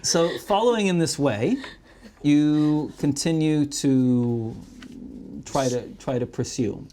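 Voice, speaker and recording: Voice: medium pitch, lively intonation, dark tone, a little hiss or hum. A game master narrating a tabletop game in a playful, chatty way. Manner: playful, chatty, quickly laughing.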